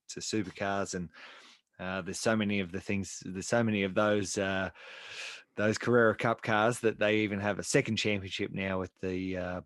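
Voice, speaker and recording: Aussie bloke cohosting a car podcast, deep voice, lots of ums, dry close sound. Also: male voice, dry recording. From Australia. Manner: chatty, many fillers and restarts. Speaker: podcast co-host. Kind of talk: casual motorsport chat.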